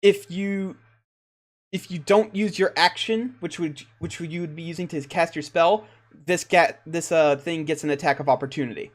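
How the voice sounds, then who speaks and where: Man running a tabletop game, explaining rules. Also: fairly high pitch. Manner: explains rules patiently, quick to laugh. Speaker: dungeon master.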